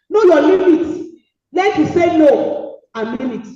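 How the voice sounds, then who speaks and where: A middle-aged woman with a Nigerian accent giving an emphatic, preachy motivational speech, repeating maxims and sometimes shouting. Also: high voice, expressive, unhurried. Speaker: guest speaker. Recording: echoey hall, distant dull mic.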